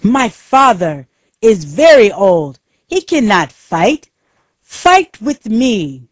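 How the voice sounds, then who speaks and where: A woman reading the lines of an angry young prince in a storybook, slowly and carefully, a little higher and louder than her narration. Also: animated, no room sound, studio quality. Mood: defiant.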